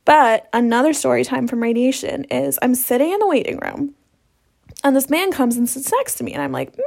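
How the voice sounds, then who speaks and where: High-voiced, gravelly young woman ranting. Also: very animated, fairly quick, darkish tone. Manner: profane, sarcastic, rant-like. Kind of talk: casual storytelling monologue.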